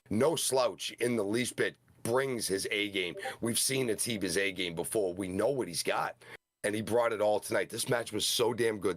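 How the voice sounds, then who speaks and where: Podcast co-host, man, lowish voice, dry close sound, eager play-by-play recap style. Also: no echo. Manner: excited, rapid-fire match recap. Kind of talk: casual wrestling review chat.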